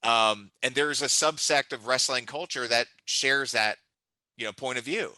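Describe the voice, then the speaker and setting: A man's voice: medium pitch, a little slow, pushed and bright, no room sound, low-quality recording. A man co-hosting a casual wrestling chat, enthusiastic and teasing, often restarting his sentences. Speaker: podcast co-host.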